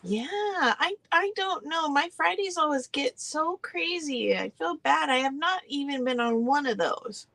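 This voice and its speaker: A woman's voice: sits high, lively intonation, unhurried, vocal fry, hardly any pauses, fairly bright tone, dry recording. A woman co-hosting a live stream, giggly and greeting viewers by name. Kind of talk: casual chat.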